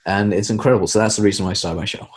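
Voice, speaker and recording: A lower-voiced man with a transatlantic British accent, talking casually as a podcast guest. He tells animated stories, jumping up in pitch when he quotes other people. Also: very fast, crowd noise. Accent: British with American touches. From Tanzania, raised in the UK. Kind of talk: casual interview chat.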